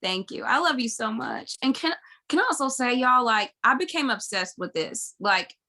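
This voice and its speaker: A woman's voice: fairly high pitch, lively intonation, normal speed, pushed and bright. A woman speaking candidly and emotionally in a casual group talk, swearing freely and laughing often. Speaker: group member sharing her story.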